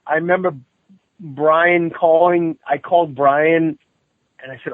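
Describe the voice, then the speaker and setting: A man calling in as a guest, telling a story in an animated way and acting out what people said. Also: measured pace, no room sound. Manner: excitable, acts out quotes in shrill outbursts. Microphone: phone call. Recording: tinny dry phone line.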